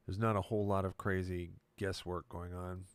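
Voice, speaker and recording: A male musician and producer chatting casually on a live stream from his recording studio, relaxed and explanatory. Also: deep voice, normal speed, smooth, no room sound.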